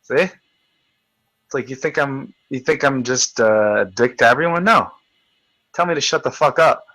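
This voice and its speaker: A man's voice: medium pitch, a little slow, bright, forceful tone, no room sound, rough recording. Male livestream host, foul-mouthed and taunting, dry close sound. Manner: combative, profane, taunting. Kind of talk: ranting live video chat.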